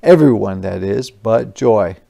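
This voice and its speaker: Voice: mid-range voice, lively intonation, a little slow, gravelly, dark tone. A kindergarten teacher reading a picture book aloud with expression, stopping to explain words and ask the children questions. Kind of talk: interactive children's read-aloud.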